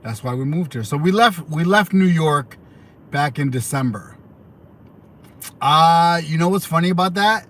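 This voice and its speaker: A young American man hosts a livestream, chatting casually and rambling through viewer questions with plenty of fillers and restarts. His voice is on the high side and a bit bright, with lively intonation, a measured pace, and long pauses.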